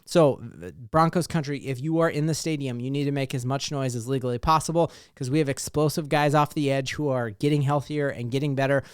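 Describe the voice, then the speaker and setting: A man hosting a casual sports talk show, excited and rambling with lots of fillers. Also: mid-range voice, fairly quick, few pauses, clear, resonant tone, dry recording, studio quality.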